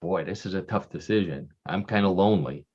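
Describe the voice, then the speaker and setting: A man's voice: low voice, brisk, darkish tone, husky, pitched below the performer's own voice. A man voicing a lonely male Bigfoot who hesitantly weighs a deal, on a dull lo-fi recording. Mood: pondering. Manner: musing, hesitant. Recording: dull lo-fi radio sound.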